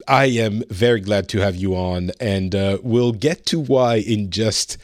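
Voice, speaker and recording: A man hosting a podcast in casual chat, upbeat and quick to laugh. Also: fairly low pitch, no room sound, clean studio sound. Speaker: podcast host.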